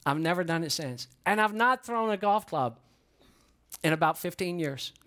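Middle-aged pastor guy with a highish voice, animated, pokes fun at himself, keeps asking the crowd stuff. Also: normal speed. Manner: animated, self-deprecating, talks to the crowd. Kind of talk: storytelling sermon. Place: church before a congregation.

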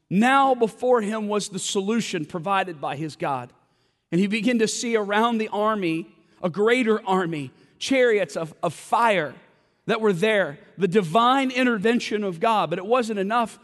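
A man's voice: high-pitched, lively intonation, a little slow. A man preaching a sermon as a pastor, retelling a story with dramatic quoted voices. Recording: long hall reverb.

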